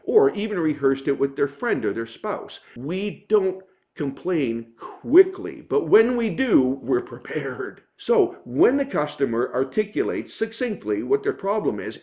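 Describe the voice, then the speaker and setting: Man, business trainer, instructional talk, lively intonation, dull lo-fi sound. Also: a little high. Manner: explanatory, emphatic. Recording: dull lo-fi recording.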